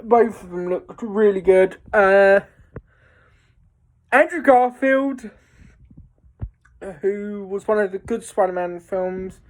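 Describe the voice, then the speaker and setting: A woman's voice: medium pitch, slow pace, long pauses, a little mellow. A woman giving a casual, enthusiastic spoken film review, rambling with lots of fillers and restarts.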